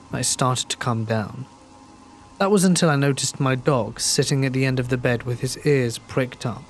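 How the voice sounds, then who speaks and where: A man calmly narrating true horror stories in a steady, scripted reading. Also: medium pitch, slight background noise.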